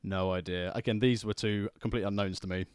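A man's voice: fairly low pitch, fairly even intonation, brisk, darkish tone, clear, resonant tone, no room sound. A man co-hosting a podcast, making dry jokes. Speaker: podcast co-host. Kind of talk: casual chat.

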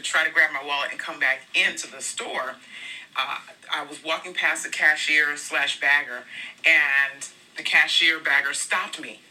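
Very bright earnest devotional speaker. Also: mid-range voice. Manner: earnest, conversational storytelling. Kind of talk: devotional talk with personal testimony. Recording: voice a bit far from the mic.

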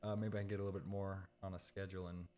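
A jet-lagged man talking in a loose, rambling chat. His voice jumps up into loud, animated bursts, then sinks into low, tired murmurs. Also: rapid-fire, muffled recording. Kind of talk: casual chat.

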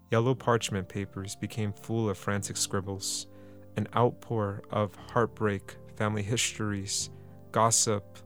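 A young man from the East Bay in California, narrating his people's language history with earnest, measured reflection. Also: on the low side. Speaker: language teacher.

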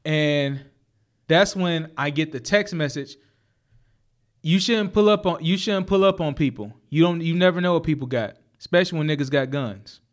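A young man with a notably high voice tells a story in loose, casual chat. He is animated and profane, drops street slang, stumbles through restarts, and laughs often as he goes. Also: normal speed.

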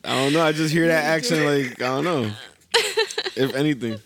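A man's voice: on the high side, brisk, crowd noise. A man in a casual group chat, laid-back and slangy, often laughing. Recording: loud background noise.

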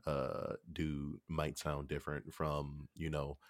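A man's voice: extremely low pitch, completely flat delivery, slow, no room sound, clean studio sound. A man chatting casually on a podcast about acting, loose and profane in his speech. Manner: loose and profane, slips into quoted voices. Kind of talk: casual chat.

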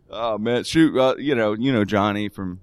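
A man hosting a podcast who laughs often and jumps in with quick remarks. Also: lowish voice, slight background noise. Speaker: podcast host. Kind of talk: casual podcast chat.

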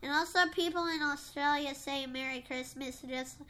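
Podcast co-host, woman, high and bright, unhurried, stumbling over words. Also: fairly even intonation. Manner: halting, with many restarts. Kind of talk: casual podcast chat.

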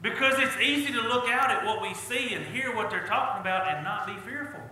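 A man's voice: high-pitched, fairly quick, pushed and bright, a little hiss or hum. A middle-aged man preaching a sermon in a folksy, earnest way, his emphasis rising as he drives home each point. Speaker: pastor. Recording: echoey church hall.

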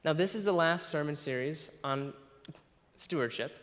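A man's voice: fairly high pitch, normal speed, a bit bright. A man preaching a sermon who stumbles over his words and laughs at himself. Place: church sanctuary. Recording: long hall reverb.

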